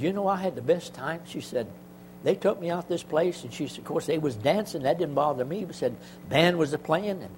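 An older man giving a church testimony, telling stories in a halting, folksy way with many restarts. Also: mid-range voice, darkish tone, a little hiss or hum, rough recording. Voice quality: halting, rambling delivery with frequent restarts.

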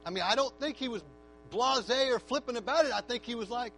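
A man preaching a sermon in a church, moving from quiet, reflective talk to a shouted, fervent altar call. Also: very high voice, fast, slight background noise, rough recording.

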